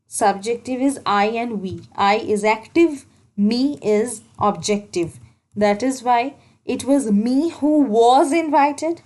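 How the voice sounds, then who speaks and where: A woman's voice: fairly high pitch, a little mellow, poor audio. A woman teaching grammar for exams, explaining step by step and repeating key points. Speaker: English teacher. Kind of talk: exam-prep grammar lesson.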